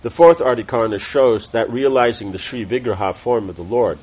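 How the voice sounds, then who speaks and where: A middle-aged man teaching a scripture class, reading a text aloud in a measured, deliberate way with small self-corrections and chatty asides. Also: medium pitch, darkish tone, husky, low-quality recording.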